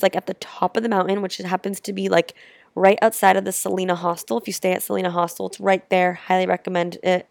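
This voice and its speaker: A young woman vlogging about her travels, telling stories casually and warmly with lots of filler words. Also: mid-range voice, vocal fry, no room sound. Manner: chatty, heartfelt, lots of "like" fillers. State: tearful at times. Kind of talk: casual storytelling to camera.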